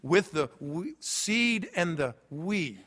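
A man preaching a sermon as a pastor, swinging between loud emphasis and quiet, low asides. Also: sing-song, slow, long reverb tail.

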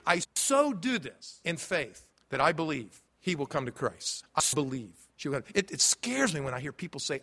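A man preaching a sermon as a pastor, swinging between loud emphasis and quiet, low asides. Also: big pitch swings, moderate pace, vocal fry, hardly any pauses, husky, long reverb tail.

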